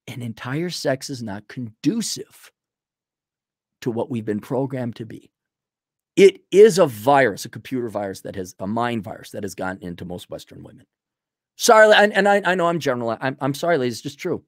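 A middle-aged man giving rambling, folksy advice to a listener in a casual monologue, with sudden loud swings as he tells stories. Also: mid-range voice, dry recording, studio quality. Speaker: advice host answering a listener.

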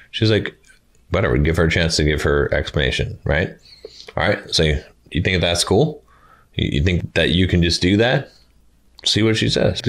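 A man with a very low voice talks straight to his viewers about relationships. He is blunt and emphatic, and he acts out quoted lines in a higher voice. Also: a bit bright. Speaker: dating advice host. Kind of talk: casual advice monologue.

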